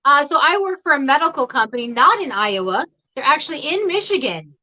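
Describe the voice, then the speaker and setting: Chatty woman guest, high bright voice, laughs a lot; dull lo-fi call audio. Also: sing-song, brisk. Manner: chatty, rambling, laughs often. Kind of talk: casual livestream chat. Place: home.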